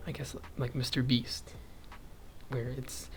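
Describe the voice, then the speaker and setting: With faint music behind him, a young man speaks slowly in a flat, mid-range voice. The vlogger rambles and goes off on tangents while crocheting, thinking aloud over his stitch count and chuckling often.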